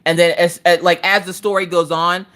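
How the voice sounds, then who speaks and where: A woman's voice: lowish voice, brisk. A woman hosting a casual crafting livestream from home, rambling through stories with lots of "like" fillers. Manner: rambling, animated storytelling with frequent "like" fillers. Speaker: livestream host. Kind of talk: casual live chat while crafting.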